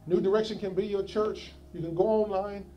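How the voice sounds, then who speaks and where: A high-pitched male preacher delivers an altar call from the pulpit, repeating his pleas again and again and building to shouts. Soft music plays beneath his voice. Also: fairly even intonation, brisk, lo-fi sound. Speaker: pastor.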